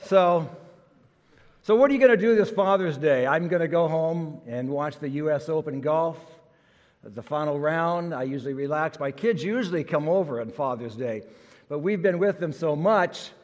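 A man's voice: fairly high pitch, expressive, normal speed, darkish tone. An older man, a pastor, giving a chatty, folksy sermon full of stories and fillers. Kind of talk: sermon with jokes. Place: church sanctuary. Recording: long church reverb.

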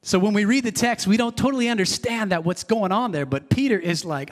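A man's voice: high voice, fairly quick, few pauses, big-room sound. A man preaching a sermon as pastor, earnest and conversational, repeating himself and adding asides.

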